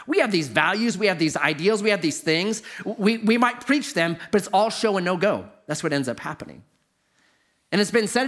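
A middle-aged man preaching a sermon, telling stories with lively swings from high to low. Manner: animated storytelling, swoops from high to low. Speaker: pastor.

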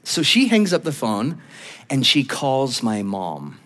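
A man's voice: medium pitch, wildly swooping pitch, slow pace, fairly bright tone, long reverb tail. A male pastor preaching a sermon in a church, telling stories animatedly and laughing often.

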